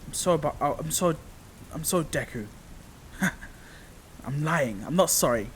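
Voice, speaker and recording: A man's voice: on the high side, expressive, measured pace, slight background noise, pitched below the performer's own voice. A man doing a snarling teenage bully. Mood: mocking. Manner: snarling, mocking, swearing. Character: cruel, angry teenage boy bully.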